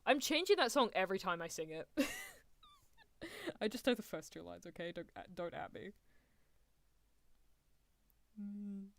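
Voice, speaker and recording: A woman's voice: medium pitch, lively intonation, a little slow, creaky, pauses often, no room sound. A young woman chatting casually and laughing often as she reacts to an anime on a stream, talking close to a desk mic.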